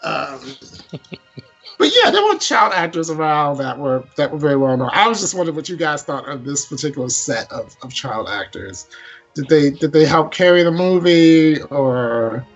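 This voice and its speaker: A man's voice: on the high side, big pitch swings, normal speed, lo-fi sound, soft background music. A man co-hosting a podcast in casual chat, giggly and chatty, often restarting his sentences. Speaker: podcast co-host.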